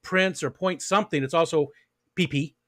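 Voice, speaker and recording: A man hosting a casual chat, easygoing and quick to agree with his guest. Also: on the high side, a bit bright, no room sound. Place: near Lake Ontario.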